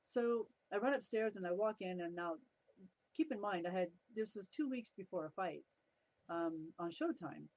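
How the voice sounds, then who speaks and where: A middle-aged woman with a fairly low voice speaks at normal speed, with no room sound, as a guest on a video-call interview. She tells anecdotes in a lively way, laughing often and acting out the people in her stories. The call audio is dull, dry, and lo-fi.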